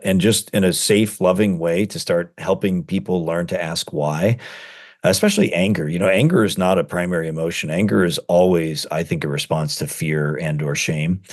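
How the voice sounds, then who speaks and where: A middle-aged man with a very low voice talks in an interview as a guest author. He rushes through thoughts in quick bursts, padding them with fillers and restarting sentences as he goes. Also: darkish tone. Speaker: seminary professor. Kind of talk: conversational interview.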